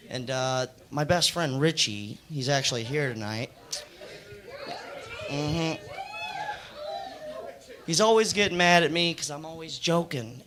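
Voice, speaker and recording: A young American man doing a stand-up set, rambling and deadpan with lots of fillers. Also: mid-range voice. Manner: laid-back, rambling, deadpan jokes with fillers. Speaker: stand-up comedian. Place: comedy club stage. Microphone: handheld stage mic. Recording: noisy club recording. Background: audience noise.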